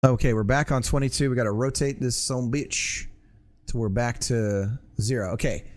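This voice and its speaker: A man's voice: mid-range voice, steady tone, normal speed, darkish tone. A man streaming his game coding, muttering to himself and joking about himself as he works. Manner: muttering to himself, self-deprecating. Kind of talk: casual livestream while coding a game.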